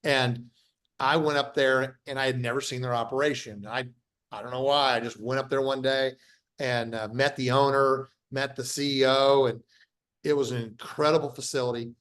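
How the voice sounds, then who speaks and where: A man's voice: mid-range voice, steady tone, moderate pace, a bit bright, clear, resonant tone. A middle-aged man, a company founder being interviewed, talking bluntly and emphatically, repeating his points and restarting sentences. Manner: acts out quoted dialogue in his stories. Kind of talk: casual interview talk.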